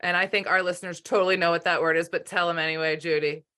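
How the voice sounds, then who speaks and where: A woman's voice: fairly low pitch, steady tone, fast, bright, forceful tone. A woman hosting a podcast, chatting casually and affirming her guests. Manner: encouraging, affirming. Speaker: podcast host. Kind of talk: casual chat.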